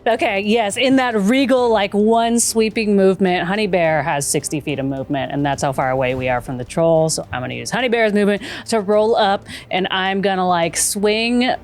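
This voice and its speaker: A woman's voice: medium pitch, moderate pace, few pauses. Woman, tabletop player, casual chat, playful, faint music behind. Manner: chatty, playful made-up words. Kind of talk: casual tabletop game play.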